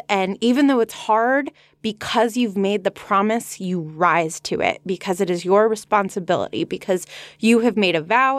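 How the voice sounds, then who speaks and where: An earnest, reflective woman co-hosts a podcast in easy conversational discussion. Her voice sits at an ordinary middle pitch for a woman. The recording is close and dry, with no room sound. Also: no room sound. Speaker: podcast co-host.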